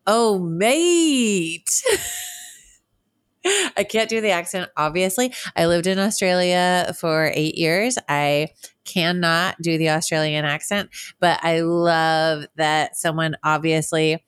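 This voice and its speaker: A woman's voice: low-pitched, smooth, no room sound, studio quality. A woman co-hosting a podcast, chatting casually and laughing often. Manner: laughs often, slow and relaxed. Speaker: podcast co-host. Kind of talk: casual chat about sex.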